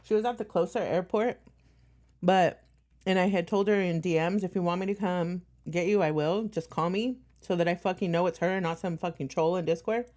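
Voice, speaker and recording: Woman streamer, lowish voice, blunt and profane, casual reaction-stream host. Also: fairly quick, a little mellow.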